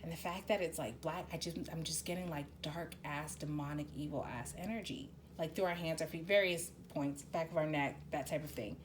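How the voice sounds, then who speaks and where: A woman's voice: low voice, fairly quick, hardly any pauses, a little hiss or hum. Woman giving a blunt, profane tarot reading. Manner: blunt, swears freely, rambling with many restarts. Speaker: tarot reader. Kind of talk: casual spoken tarot reading.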